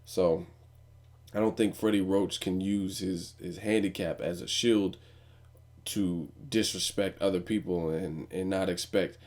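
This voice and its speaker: A man's voice: low voice, fairly even intonation, measured pace, darkish tone. A young man giving a blunt, profane, opinionated commentary as a vlogger host. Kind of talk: casual news commentary.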